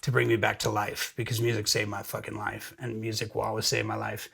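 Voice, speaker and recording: A middle-aged man, a musician guest, telling stories in a casual interview, profane and energetic with frequent restarts. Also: fairly low pitch, a little fast, creaky, husky.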